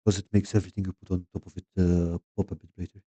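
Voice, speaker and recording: Soft-spoken low-voiced man painting minis. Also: level tone, fast talker, husky, no echo. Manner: soft-spoken, trails off quietly mid-thought. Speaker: miniature painter. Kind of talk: casual painting tutorial.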